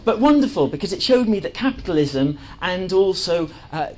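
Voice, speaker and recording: A man's voice: sits high, sing-song, moderate pace, a little mellow, rough recording. A man giving an enthusiastic presentation to a live audience, chatty and full of fillers and restarts. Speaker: speaker at a live talk.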